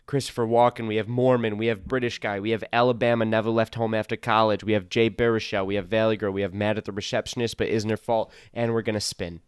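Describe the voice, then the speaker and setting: A man's voice: lowish voice, level tone, quick pace, few pauses, clean tone, no echo, studio quality. A man co-hosting a comedy podcast, chatting casually and playfully. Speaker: podcast co-host. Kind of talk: casual chat.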